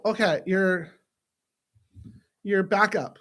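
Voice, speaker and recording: Lively, high-voiced male stream host. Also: moderate pace, a little hiss or hum. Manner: animated, jokey, breaks into silly voices. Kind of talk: casual live-stream chat.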